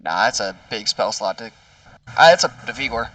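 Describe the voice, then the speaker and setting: A man's voice: medium pitch, expressive, normal speed, a bit bright, dry recording, far from the mic. A man playing in a tabletop game, speaking casually and hesitantly with many fillers. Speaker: player.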